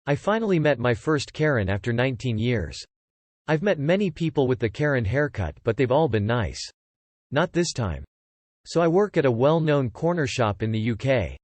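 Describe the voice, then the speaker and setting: A man narrating first-person stories in a plain, even reading style. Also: medium pitch, no echo. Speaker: story reader. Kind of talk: scripted narration.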